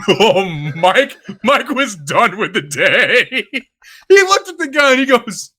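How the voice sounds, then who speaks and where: Animated loud East Coast man, laughing. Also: sits high, slow pace, breathy edge. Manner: animated, profane, laughing often. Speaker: podcast co-host. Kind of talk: casual storytelling chat.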